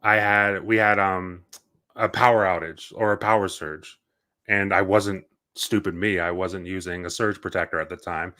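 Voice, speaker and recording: Bright-voiced man chatting on a gaming podcast. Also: sits low, fairly even intonation, normal speed. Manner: rambling, self-correcting storyteller. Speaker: podcast co-host. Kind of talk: casual gaming podcast chat.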